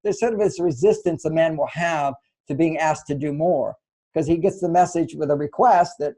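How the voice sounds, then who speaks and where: A man's voice: fairly high pitch, fairly quick, warm tone. An older man giving relationship advice in an interview, explaining steps and acting out both partners in quoted dialogue. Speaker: relationship author and guest.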